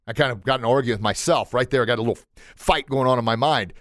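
A man hosting a motivational podcast from a studio, talking with bursts of energy and leaps up in pitch as he tells stories. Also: very fast, no room sound. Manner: energetic, storytelling, often jumping up in pitch. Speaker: podcast host.

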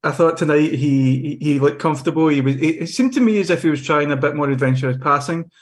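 A man's voice: a little high, fast talker. A young man on a podcast panel, talking football in a casual, rambling way with frequent restarts.

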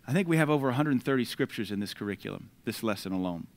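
A man, preaching a sermon and swinging between loud declarations and quiet asides. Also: mid-range voice, expressive, quick pace. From United States.

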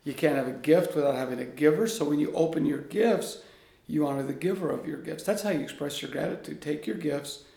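A man guest in an interview, a coach speaking in an earnest, animated storytelling way. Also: on the high side, brisk, gravelly. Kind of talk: conversational interview. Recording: echoey room.

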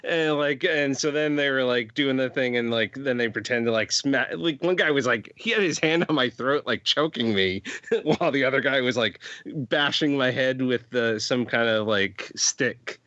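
A man co-hosting a podcast, talking casually and chattily, full of fillers and quick asides. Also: medium pitch, bright, forceful tone, no room sound, dull audio. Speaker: podcast co-host. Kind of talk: casual chat.

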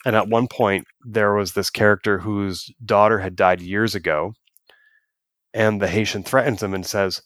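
A man co-hosting a podcast, chatting in a casual, animated way and acting out quoted lines as he tells stories. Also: lowish voice, normal speed, dry recording, studio quality. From United States. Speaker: podcast co-host. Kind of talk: casual review chat.

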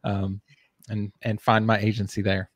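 A man's voice: on the low side, completely flat delivery, a little slow, no echo, studio quality. A man from Texas with a Texan accent, a guest chatting about his work in an easygoing, self-deprecating way. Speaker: guest, web agency owner. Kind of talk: casual interview chat.

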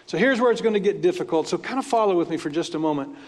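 High-voiced man preaching in an echoing hall. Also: lively intonation, very fast. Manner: conversational, retells scripture stories with asides. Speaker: pastor. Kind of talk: sermon. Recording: long hall reverb.

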